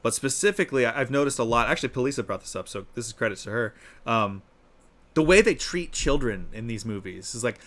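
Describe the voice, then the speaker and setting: A man co-hosting a livestreamed podcast in a casual chat, lively, acting out quoted lines in a raised voice. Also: fast. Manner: animated, acts out quotes in a higher voice. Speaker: podcast co-host. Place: live-streamed podcast.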